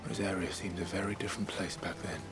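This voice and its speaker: A brooding young swordsman hero in a fantasy video game. His voice is very deep and heavily husky, with a sharp bright edge. He speaks in a reserved, measured way. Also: fairly even intonation, faint music behind, full character voice. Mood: wistful.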